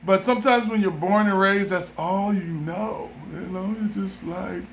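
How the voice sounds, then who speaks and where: Guy from socal ranting about small towns, high voice, slow drawn out talk, keeps repeating bits for laughs. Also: creaky, slight background noise. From Southern California. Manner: animated, joking, repeats himself. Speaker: vlogger. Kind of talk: casual rambling monologue.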